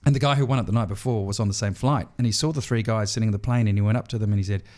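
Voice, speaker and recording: A man's voice: on the low side, rapid-fire. A middle-aged Australian man telling stories as a podcast guest, with lots of restarts and fillers. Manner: lively storyteller with frequent restarts and fillers. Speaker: podcast guest, stage entertainer. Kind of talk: storytelling in a podcast interview.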